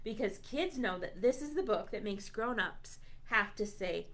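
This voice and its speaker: A woman's voice: mid-range voice, lively intonation, a little slow, a bit bright. A woman librarian reading a silly book aloud to young children, playful, with mock-indignant reactions to the text. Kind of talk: children's storytime read-aloud.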